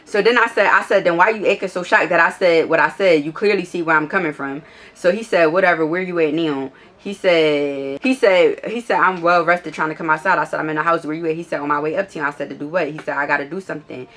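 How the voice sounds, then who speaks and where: A woman's voice: low voice, fast, fairly bright tone. A woman casually telling a storytime vlog, bluntly and with plenty of swearing, reading out text messages back and forth with an exasperated, incredulous tone. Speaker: vlogger.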